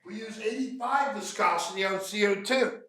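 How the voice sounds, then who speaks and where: Southern guy teaching a class, jokey, keeps quizzing the room, highish voice, sounds far off. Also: moderate pace, bright, forceful tone. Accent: American Southern. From American South. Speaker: refrigeration trainer. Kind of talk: lively live training talk. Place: training room with an audience. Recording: echoey room, mic at a distance.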